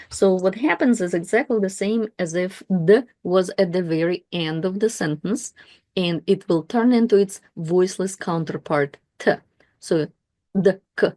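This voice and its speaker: A woman's voice: medium pitch, darkish tone, no room sound, studio quality. A woman teaching reading, spelling out letters and repeating each word three times. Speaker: Russian language teacher. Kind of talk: slow pronunciation lesson.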